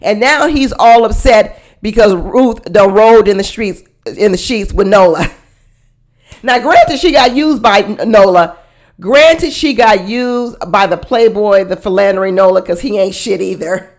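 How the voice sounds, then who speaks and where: A woman giving casual, blunt commentary on a reality show, with sassy, animated delivery and frequent laughing asides. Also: medium pitch, a little slow. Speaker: reality TV reaction host.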